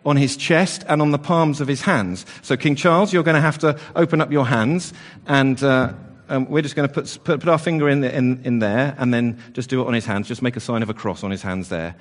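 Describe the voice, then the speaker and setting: A man's voice: mid-range voice, a little fast. A man leading an all-age church service, chatty and playful with the children, with lots of fillers and restarts. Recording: long church reverb.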